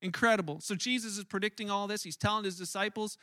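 A man preaches in a high, bright voice that carries a lot of edge. His delivery is animated and conversational, and he often stumbles over and repeats words as he tells the story. The recording is close and dry, with no room sound at all. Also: fast, no room sound. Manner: animated storytelling with frequent word repeats and restarts. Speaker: pastor. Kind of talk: sermon.

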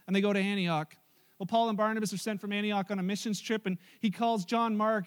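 A middle-aged man preaching a sermon in a church, telling stories with lively acted quotes and asides to the congregation. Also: high-pitched, brisk. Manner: animated, storytelling with acted quotes and audience asides. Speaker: pastor.

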